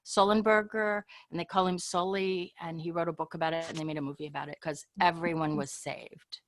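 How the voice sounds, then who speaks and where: A woman's voice: on the low side, fairly even intonation, brisk. A woman teaching an online English class, talking in a chatty, informal way and often trailing off and restarting.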